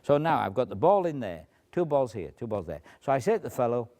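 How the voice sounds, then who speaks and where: A man's voice: medium pitch, very animated, brisk, warm tone. Chatty man explaining a trick. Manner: chatty, explanatory, shifts into asides and acted quotes. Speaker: magician teaching a routine. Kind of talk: demonstration tutorial.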